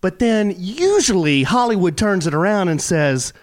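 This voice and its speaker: A man's voice: sits high, normal speed, dry recording, studio quality. A man co-hosting a casual chat podcast, his voice swinging widely up and down as he talks. He speaks with fired-up, passionate conviction, building his point with emphasis. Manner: fired-up, animated opinions. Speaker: podcast co-host.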